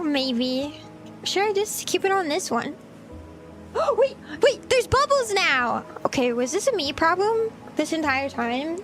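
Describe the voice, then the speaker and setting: With soft music playing behind her, a woman whose voice is extremely high and a bit bright speaks very animatedly but a little slowly. She's livestreaming her cooking, flustered and giggly as she chats with her audience.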